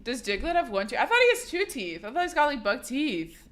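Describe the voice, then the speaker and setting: A young woman streamer, hoarse from being sick, chatting casually and profanely while reading out her chat. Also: high voice, very animated, a little fast, a bit bright.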